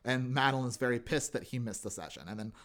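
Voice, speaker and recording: A man in a relaxed podcast chat, telling the story of an episode with lively energy. He slips into quick put-on voices for the characters he quotes. He talks in an easy, conversational way. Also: mid-range voice. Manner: animated retelling, acts out quotes in funny voices. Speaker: podcast co-host recapping a TV episode. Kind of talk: casual chat.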